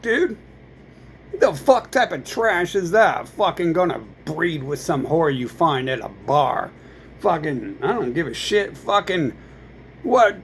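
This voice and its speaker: Gravelly man ranting with crude fillers. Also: a little high, a little hiss or hum, poor audio. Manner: crude, angry, rambling with many fillers. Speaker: vlogger. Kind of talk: profane rambling rant.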